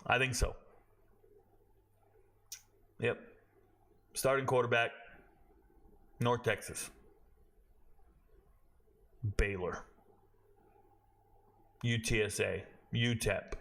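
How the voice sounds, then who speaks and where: Blunt, animated college football host. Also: male voice, medium pitch, drawn-out words, vocal fry, long pauses. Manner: blunt, profane, animated, talks to himself while checking stats. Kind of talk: casual opinionated commentary.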